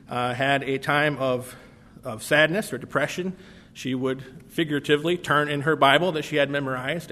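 A pastor preaching a sermon, firing off rhetorical questions, swelling louder and then dropping soft, with frequent "uh" fillers and restarts. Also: male voice, a little high.

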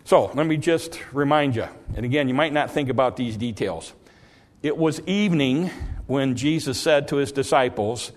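A man preaching a sermon, telling the story in a folksy way with many fillers and restarts, now and then bursting into loud dramatic quotes. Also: mid-range voice, normal speed. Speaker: pastor.

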